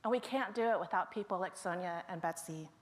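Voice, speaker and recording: A woman's voice: on the low side, fairly quick. A woman speaking to her colleagues at a staff meeting, telling the stories of coworkers one by one in a storytelling manner. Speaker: staff member presenting to colleagues.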